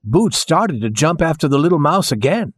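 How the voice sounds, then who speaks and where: Expressive man reading a children's story. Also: a little high, normal speed, no echo. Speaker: narrator.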